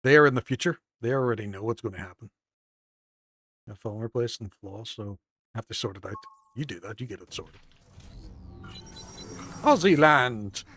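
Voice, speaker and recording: A man's voice: lowish voice, fairly quick, fairly bright tone, husky, dry recording. A man live-streaming a game, swearing often, joking with chat and reading it aloud.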